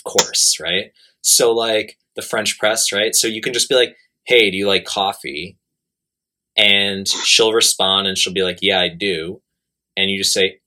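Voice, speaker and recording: A man's voice: fairly low pitch, bright, forceful tone. A man giving blunt, emphatic dating advice in casual talk, repeating key points. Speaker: dating coach.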